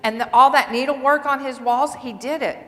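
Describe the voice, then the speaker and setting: A woman nursing assistant and coach giving an earnest, animated storytelling speech to a large audience. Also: sits high, fairly quick. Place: large hall before several hundred people. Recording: long reverb of a large hall.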